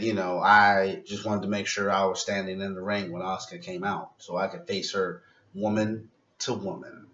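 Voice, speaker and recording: A man with a lowish, sharp-toned voice rants critically in a casual, opinionated vlog review of a wrestling show. The sound is dull and lo-fi, picked up by a distant mic in a roomy space.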